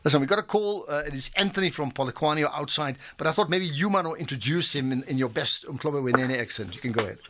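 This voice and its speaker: A man's voice: fairly high pitch, quick pace, few pauses, pushed and bright, slight background noise. A man hosting a live radio talk show, chatty and self-mocking with frequent restarts. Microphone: studio microphone.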